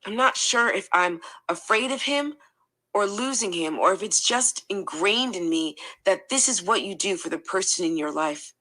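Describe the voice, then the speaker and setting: A woman reading a first-person account aloud in a steady, matter-of-fact way. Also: medium pitch, moderate pace, low-quality recording. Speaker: reader.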